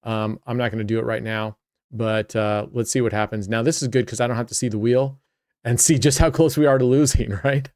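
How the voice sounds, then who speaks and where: Chatty male host, smooth voice, dry close sound, casual roulette play-by-play. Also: mid-range voice, steady tone, fairly quick, darkish tone, dry recording. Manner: chatty, talks to himself and viewers.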